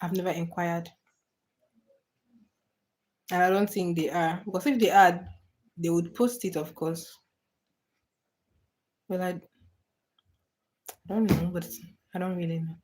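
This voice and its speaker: A woman's voice: fairly low pitch, fairly even intonation, a little slow, long pauses, darkish tone. A woman hosting a casual livestream, answering viewers' comments with frequent laughter and repeated, restarted phrases. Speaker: livestream host.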